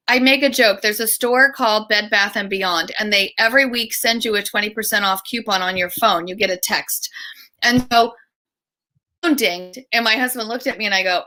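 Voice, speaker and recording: A middle-aged woman tells stories over a video call, slightly high-pitched and with a bright, forceful edge. She is animated and slips into the voices of the people she quotes. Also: fairly quick. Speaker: interview guest, author and speaker. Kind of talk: storytelling in an online interview.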